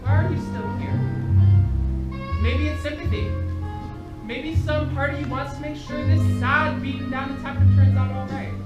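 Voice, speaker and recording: A woman's voice: sits high, steady tone, normal speed, highs cut off, natural voice. A woman playing a disgraced young detective on stage, pleading and prone to emotional outbursts. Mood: wry. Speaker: stage performer. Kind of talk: live solo stage play. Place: college stage. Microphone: far camera. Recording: distant echoey stage recording with loud music.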